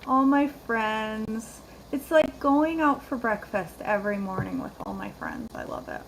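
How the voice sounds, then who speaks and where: A woman's voice: fairly high pitch, very animated, a little slow, vocal fry, slight background noise, poor audio. A woman hosting a live cooking stream, chatty and rambling, greeting viewers by name from her home kitchen. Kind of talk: casual live-stream chat.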